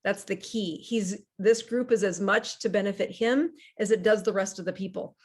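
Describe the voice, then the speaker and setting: Earnest middle-aged woman physician. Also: medium pitch. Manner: earnest, reflective, with restarts and soft laughs. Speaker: physician guest. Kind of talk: casual interview storytelling.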